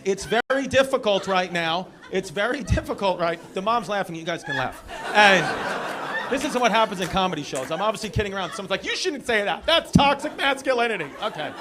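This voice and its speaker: A man with a New York accent doing stand-up crowd work in a comedy club, teasing people in the front row with loose, quick jabs. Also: sits high, noisy background. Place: comedy club stage with a live audience. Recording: loud laughing crowd in a club.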